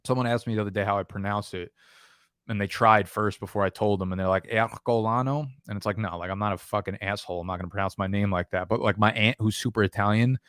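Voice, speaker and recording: Brief: male fantasy football streamer, New York-area accent, lowish voice, blunt and profane, dry close sound. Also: steady tone, quick pace, fairly bright tone, dry recording. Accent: New Jersey/New York. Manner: profane, emphatic, rambling. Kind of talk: casual live stream chat.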